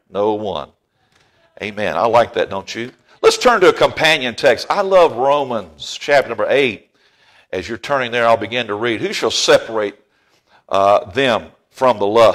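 Baptist preacher guy, middle-aged, jokey with the crowd, voice jumps all over, gets loud on the big points. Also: medium pitch. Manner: folksy, jokes with the congregation, swells loud on key phrases. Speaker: pastor. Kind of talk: sermon. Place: church sanctuary.

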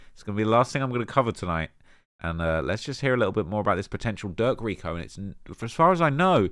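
A man hosting a rap commentary show, talking casually in slang with animated emphasis and lots of fillers. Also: lowish voice, no room sound, clean studio sound. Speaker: host of a rap commentary channel.

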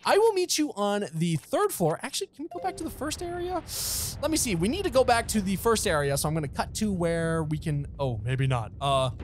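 A young man playing through a video game, chatting excitedly, laughing often and talking back to the game. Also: sits high, a little fast, slight background noise. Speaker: gaming channel host. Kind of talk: let's play commentary.

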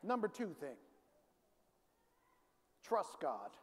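A male pastor from the preaching a sermon in a large church, calling for responses and rising to shouts. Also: fairly high pitch, very animated, extremely slow, breathy edge. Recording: reverberant hall, faint ambience.

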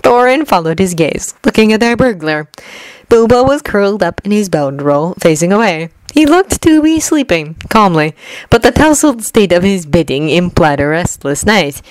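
A woman reading a fanfiction story aloud at a gentle, even pace, lightly acting out the dialogue. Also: mid-range voice, normal speed, dry recording, low-quality recording. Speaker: fanfiction reader.

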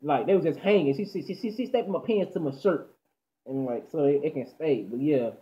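A teenage boy from Texas telling a story in animated, slangy chat, often stammering and repeating himself. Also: a little high, a little fast. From Dallas, Texas. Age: teens. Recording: dull lo-fi audio.

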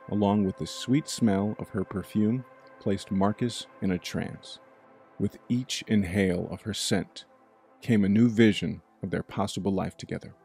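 Low gravelly male storyteller. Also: warm tone. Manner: measured, descriptive. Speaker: narrator. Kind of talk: scripted bedtime story narration.

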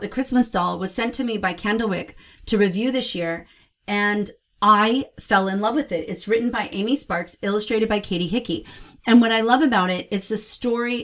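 Woman gushing about kids books, chatty and expressive, giving read-aloud tips. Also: mid-range voice. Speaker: host reviewing children's books. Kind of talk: casual book review with read-aloud tips.

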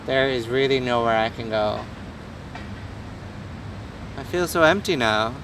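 Irish guy doing a hammy fake American voice, deeper than his own, loud traffic behind. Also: sing-song, measured pace, distant mic. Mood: relaxed. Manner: exaggerated, playful. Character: Irishman faking a broad American accent. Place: outdoors on busy city streets. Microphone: handheld camera filming himself. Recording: street traffic noise behind.

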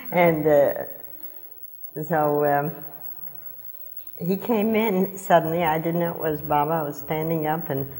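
A woman's voice: steady tone, slow pace, pauses often, dark tone. An older woman telling personal memories to a gathering, laughing often and acting out what was said in a raised voice. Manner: laughs often, acts out quoted lines in a high voice. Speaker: family member recounting memories. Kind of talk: casual storytelling to a group. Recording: long hall reverb.

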